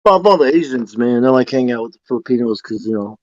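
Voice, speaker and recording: A man chatting casually on a podcast, laid-back and quick to laugh, using relaxed slang. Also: mid-range voice, no room sound, highs cut off. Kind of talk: casual chat.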